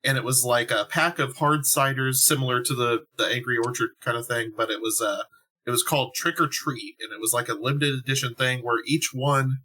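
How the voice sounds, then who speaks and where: Bright-voiced man rambling on a podcast. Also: medium pitch, poor audio. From US, raised by Northerners and Kentuckians. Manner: relaxed, rambling, quick laughs. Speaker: podcast co-host. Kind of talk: casual podcast chat.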